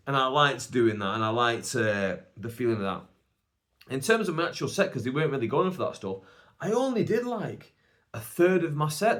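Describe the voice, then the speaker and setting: Lively comedian telling stories. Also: male voice, mid-range voice. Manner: animated, acts out the people in his stories. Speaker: stand-up comedian, podcast host. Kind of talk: casual storytelling monologue.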